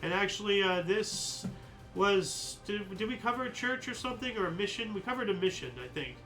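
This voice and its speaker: Man, high voice, bright tone, casual history stream host, chatty asides, calls out each year. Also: lively intonation, fairly quick, faint music behind, poor audio. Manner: chatty, rambling asides, mild swearing; punches out each year before the entry. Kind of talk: casual livestream chat reading dates.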